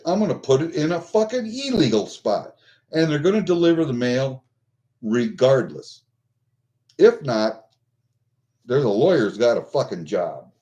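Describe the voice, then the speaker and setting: A man's voice: medium pitch, dark tone, muffled recording. An older American man venting angrily on a vlog, swearing constantly. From United States. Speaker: vlogger.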